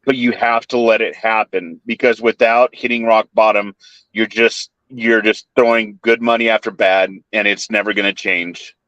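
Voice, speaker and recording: A man's voice: fairly low pitch, steady tone, normal speed, fairly bright tone, dry recording. A man hosting a live stream chat, earnest and sympathetic. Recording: dull lo-fi audio.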